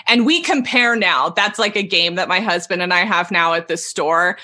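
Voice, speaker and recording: A woman in her thirties, a podcast guest telling a personal story in an animated way and laughing as she talks. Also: medium pitch, normal speed, hardly any pauses. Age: 30s. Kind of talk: casual interview storytelling.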